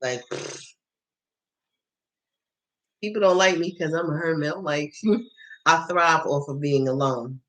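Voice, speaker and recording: Low-pitched and slow, with long pauses and a somewhat bright tone, a tarot channel host speaks on a rough recording. Her casual livestream features blunt, swearing-heavy stories, lots of laughter, and her past remarks acted out in quoted voices.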